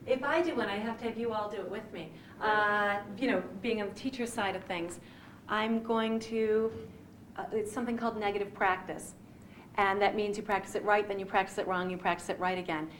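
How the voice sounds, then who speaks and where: A woman who teaches speech and performs, giving a dramatic reading and leading a voice exercise in an expressive, instructive manner. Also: medium pitch, brisk, a little hiss or hum. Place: large formal event room.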